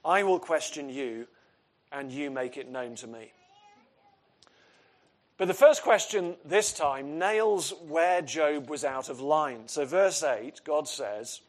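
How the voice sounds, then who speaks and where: A man's voice: on the high side, slow pace. A man preaching an expository sermon, earnest and emphatic, asking his listeners questions.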